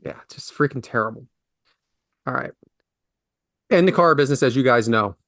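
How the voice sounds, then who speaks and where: A man hosts a comedy podcast, griping with theatrical exasperation. His pitch leaps up and down as he complains. The sound is close and dry, with no room echo. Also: normal speed. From half Italian, Philadelphia area. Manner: animated, exasperated complaining with big pitch swings. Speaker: podcast host.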